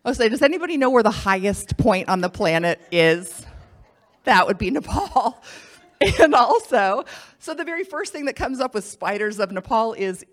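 A missionary speaker, a woman, gives her personal testimony with lively storytelling, voicing the people she quotes. Her pitch is medium and her speed normal.

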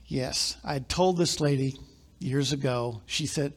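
A man preaching a sermon as pastor, live in a church, telling stories in quiet asides and then building to loud, emphatic points. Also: medium pitch, unhurried.

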